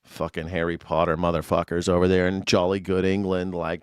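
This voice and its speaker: A man's voice: low-pitched, little pitch movement, a little fast, few pauses, smooth, no echo, studio quality. An American man hosting a news reaction show, rambling and joking in a casual rant. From United States. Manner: rambling, joking, laughs often. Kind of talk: casual ranting commentary.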